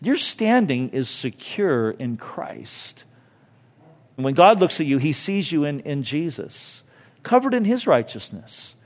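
A man's voice: fairly high pitch, big pitch swings, measured pace. A man preaching a sermon as a pastor. He talks in a conversational way, with joking asides, and he leans hard into key phrases.

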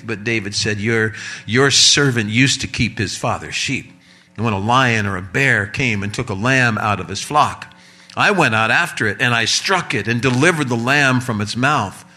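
Male pastor, bright, forward voice, animated storytelling sermon. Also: mid-range voice, moderate pace. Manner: animated storytelling with humorous asides.

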